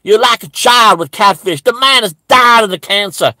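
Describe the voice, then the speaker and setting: A man's voice: sits high, normal speed, bright, forceful tone, no room sound, clean studio sound. A man playing a stern male pastor who bluntly lectures an old friend.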